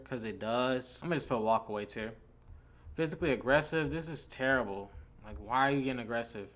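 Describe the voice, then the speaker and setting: A man's voice: mid-range voice, fairly bright tone. A young man giving blunt, slangy, opinionated commentary while ranking a tier list, with lots of "like" and "bro" fillers.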